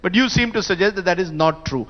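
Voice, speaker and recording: A man with a notably high voice runs a panel discussion. He puts brisk, pressing questions to his guests and keeps them moving. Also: highs cut off. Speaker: moderator. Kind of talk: panel moderation.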